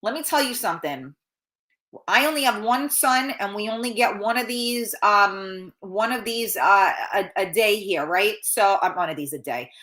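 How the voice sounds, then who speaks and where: A woman's voice: medium pitch, normal speed, bright, forceful tone. A middle-aged woman hosting a casual live stream, chatting bluntly and swearing freely while reading out viewer comments, with a runny nose. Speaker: talk show host reading viewer comments.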